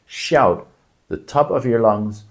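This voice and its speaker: In a relaxed video lesson, a middle-aged man teaches language phrases at a slow pace, explaining patiently and then bursting into loud, acted-out examples. His voice sits at medium pitch and is expressive.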